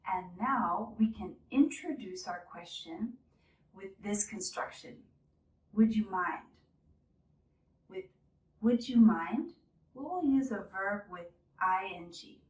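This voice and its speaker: A woman teaching an English lesson, speaking clearly and carefully as she models polite phrases. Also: medium pitch, expressive, slow. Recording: echoey room, slightly distant mic.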